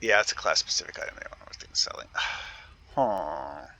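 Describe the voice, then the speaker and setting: Bright, animated man rambling over gameplay. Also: very deep voice, racing, gravelly. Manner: rambling, thinking aloud with many fillers. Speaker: gaming video creator. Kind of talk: casual gameplay commentary.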